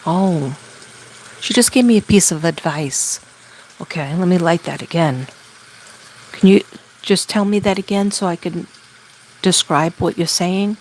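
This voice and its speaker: Lady psychic medium relaying spirit messages, kinda low voice, lots of ums and restarts, faint noise behind. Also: a little mellow, rough recording. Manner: halting, relays messages with many fillers. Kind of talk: spoken spirit reading.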